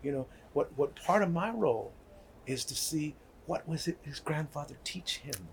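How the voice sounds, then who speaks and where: Here a gravelly, somewhat high-pitched older man speaks at normal speed with lively intonation, over a slight hiss or hum. As a guest talking about healing and community, he tells earnest stories conversationally, repeats himself, and keeps asking "right?".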